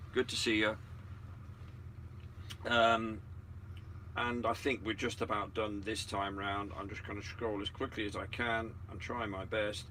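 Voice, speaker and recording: A man's voice: mid-range voice, pushed and bright, a little hiss or hum. A man co-hosting a livestream in a casual, sarcastic style, greeting viewers one by one. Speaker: livestream co-host. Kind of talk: casual live chat. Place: indoors, in a vehicle.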